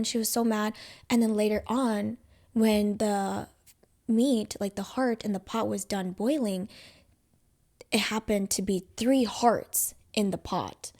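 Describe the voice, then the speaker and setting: A woman's voice: medium pitch, a little mellow. Rambling young woman telling a story. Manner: rambling, heavy use of "like" and "you know". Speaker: podcast co-host. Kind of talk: casual storytelling chat.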